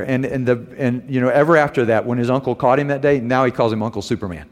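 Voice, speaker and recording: A middle-aged male preacher delivers a sermon in a church sanctuary, telling stories and lifting his voice loud on key phrases. The sound rings with a long hall reverb. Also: medium pitch, quick pace, few pauses. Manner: animated storytelling, rising loud on key phrases. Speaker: preacher and homiletics teacher.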